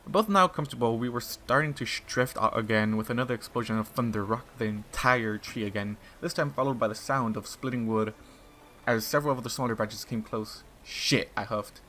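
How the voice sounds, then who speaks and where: A man's voice: medium pitch, a little fast, pushed and bright, a little hiss or hum. A man reading a fan fiction story aloud in a casual way, stumbling and restarting, and breaking off to swear in asides. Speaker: narrator.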